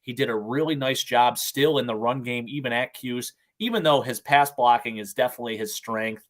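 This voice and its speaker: An upbeat man hosts a sports podcast in casual chat, sounding enthusiastic about the players he brings up. His voice sits at an ordinary middle pitch. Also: fairly quick. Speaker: podcast host.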